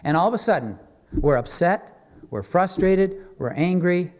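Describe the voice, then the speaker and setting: A man preaching a sermon as pastor, earnest and measured, slowing down for emphatic scripture readings. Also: high voice, expressive, darkish tone, long reverb tail.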